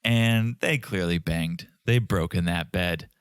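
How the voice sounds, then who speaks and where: A man's voice: low voice, slow pace, clean tone, dry recording, clean studio sound. A man in his thirties from Connecticut, co-hosting a casual podcast chat in a playful, jokey way. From Connecticut, USA. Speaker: podcast co-host.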